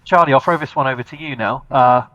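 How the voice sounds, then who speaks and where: A man from Norway, a band's bassist, chatting as a podcast guest in a laid-back, rambling, modest way over a video call. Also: fast, pushed and bright, no room sound, lo-fi sound. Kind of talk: casual interview chat.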